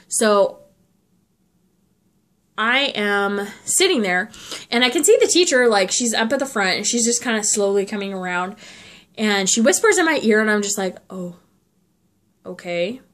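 A woman's voice: medium pitch, lively intonation, measured pace, long pauses, a bit bright. A young woman vlogger telling a story in a chatty, casual way, full of "like", and coughing often. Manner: chatty, lots of filler "like".

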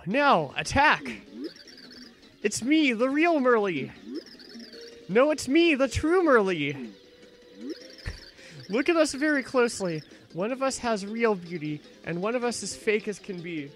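A man's voice: very high voice, fairly bright tone, heavily acted. A man reading aloud the rhyming lines of a haughty female fortune-teller from a game, in a sing-song way.

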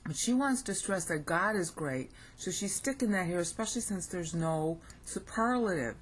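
A woman's voice: lowish voice, lively intonation, normal speed, slightly rough. A woman with an American accent giving an informal recorded lesson, thinking aloud and often checking in with "okay?". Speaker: language teacher.

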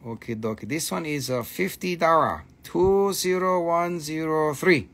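With a slightly high voice and measured pace, a man hosts a livestream selling minerals. He swears freely, gets excitable, and jokes casually with the viewers.

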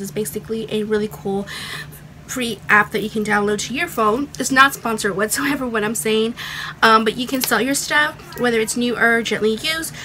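Bright-voiced chatty young woman. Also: fairly high pitch, a little hiss or hum, low-quality recording. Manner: chatty and excitable, rambling with restarts. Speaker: beauty and fashion vlogger. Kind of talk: casual vlog chat.

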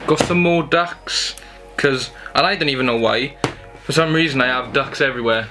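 Young guy, eager and rambling, mid-pitched voice, music bed underneath. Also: moderate pace. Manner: chatty, enthusiastic, rambling. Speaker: YouTuber showing Christmas gifts. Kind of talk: casual haul video. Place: at home in his room. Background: music playing.

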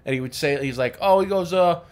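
A man co-hosting a casual podcast, telling stories and jumping into loud voices when he quotes people. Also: a little high, brisk. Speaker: podcast co-host. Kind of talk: casual chat.

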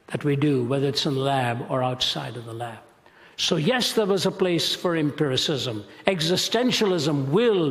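A man's voice: high-pitched, in a large hall. A man giving a passionate, emphatic sermon-style lecture on ethics, speaking as a Christian apologist.

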